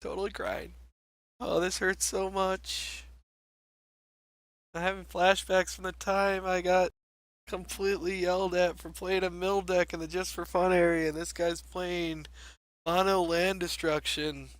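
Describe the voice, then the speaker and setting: A man's voice: high-pitched, flat delivery, unhurried, a bit bright, dry recording. A young man giving wry, self-mocking commentary on a card game match as he plays, thinking aloud. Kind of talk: gameplay commentary.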